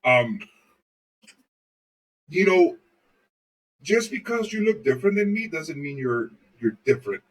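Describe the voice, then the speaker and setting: A man's voice: fairly high pitch, very animated, unhurried, long pauses, recorded from a distance, poor audio. A man co-hosting a podcast, chatting casually and telling loose, profane stories full of swearing. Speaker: podcast co-host. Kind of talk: casual chat, rambling storytelling.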